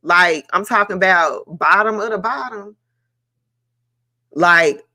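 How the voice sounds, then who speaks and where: Woman, book club host on a live stream. Slow, bright voice, heartfelt and candid, lots of ums. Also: mid-range voice. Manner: slow, reflective and emotional, with many fillers.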